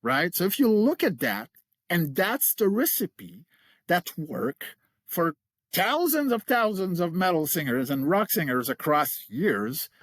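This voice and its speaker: A man's voice: high voice, sing-song, unhurried, fairly bright tone, slightly rough, dry recording, studio quality. A middle-aged man, a guest on an interview, explaining vocal technique in an enthusiastic, explanatory way and laughing readily. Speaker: guest, creature voice coach.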